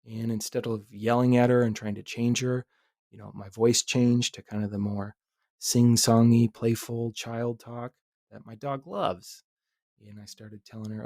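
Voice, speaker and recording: Guy in his 30s telling a story on his podcast, laid back and candid, swears a bit, mid pitch, dry room. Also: normal speed, no room sound. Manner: relaxed, candid, occasional swearing. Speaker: podcast host. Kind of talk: reflective personal storytelling.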